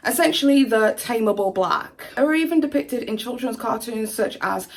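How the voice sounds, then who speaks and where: A woman YouTuber reads a scripted commentary with an articulate, assertive edge. Her voice sits a little high. She lays out each point pointedly. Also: expressive, moderate pace. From Britain, outside London.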